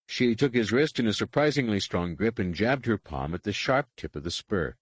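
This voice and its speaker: A man reads a science-fiction audiobook in a measured, even storytelling manner. His voice sits low, and the studio recording is close and dry with no room sound. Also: slightly rough, no echo. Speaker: audiobook narrator. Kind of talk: scripted narration.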